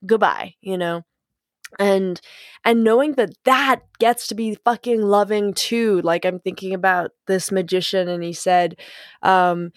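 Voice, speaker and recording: A woman's voice: medium pitch, moderate pace, dry recording, studio quality. A woman host speaking candidly in a personal monologue, rambling with fillers and self-corrections, and swearing freely to land her points. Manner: frank, profanity-laced, animated emphasis.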